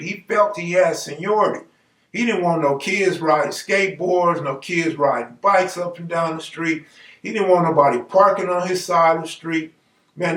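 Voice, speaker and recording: A man with a fairly high voice tells true stories in a loose, slangy way and acts out the voices of the people in them. He sounds a little away from the mic. The room adds a noticeable echo. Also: a bit bright. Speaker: storyteller host. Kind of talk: casual true-story telling. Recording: roomy, distant mic.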